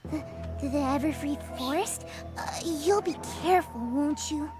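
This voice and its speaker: A woman voicing a timid, gentle young female pony in a cartoon, soft and hesitant, with a sweet, fretful manner. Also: sits high, moderate pace, over music, close to an everyday voice. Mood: nervous. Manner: sweet, fretful, speaks quietly. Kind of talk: cartoon voice acting.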